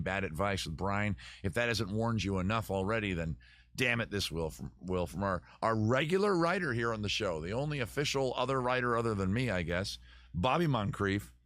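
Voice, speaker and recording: A man's voice: on the low side, fairly bright tone, no echo. A man hosting his live-stream chat show close to the microphone, rambling, joking and poking fun at himself. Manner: rambling, joking and self-mocking.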